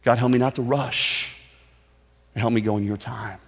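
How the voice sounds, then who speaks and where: A man's voice: mid-range voice, steady tone, moderate pace, gravelly, husky. A man preaching a sermon in an earnest, conversational way, acting out simple prayers. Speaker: pastor. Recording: long hall reverb.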